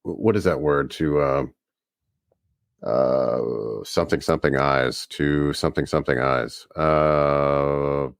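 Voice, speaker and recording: A man from the US Northeast co-hosting a podcast, telling stories in a rambling, animated way. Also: very deep voice, takes it slowly, smooth, no room sound, studio quality. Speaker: podcast co-host. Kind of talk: casual chat.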